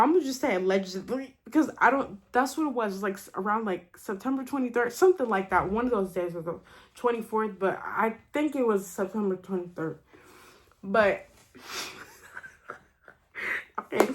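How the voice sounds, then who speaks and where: A young adult woman ranting casually to camera in a vlog, rambling with many fillers and restarts, laughing between phrases. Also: a little high. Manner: animated, rambling, many "like" fillers and self-interruptions. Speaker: vlogger.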